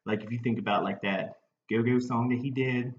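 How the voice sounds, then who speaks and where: A man's voice: mid-range voice, steady tone, brisk, muffled recording, slight background noise. A man comedian with a Baltimore accent, delivering a rambling, mock-earnest comic monologue full of filler words. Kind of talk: deadpan comic monologue to camera.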